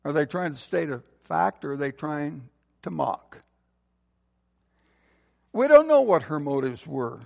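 With a high, gravelly, animated voice, a pastor preaches unhurriedly, leaving long pauses as he swells to forceful peaks and eases into quiet, low phrase endings. The large church hall adds a long reverb.

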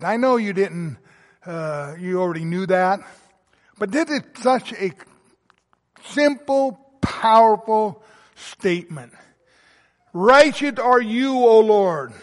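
A male pastor preaches a sermon in a high-sitting voice, his emphatic delivery rising and falling as it swells to loud emphasis and then drops soft. A long reverb tail trails his words.

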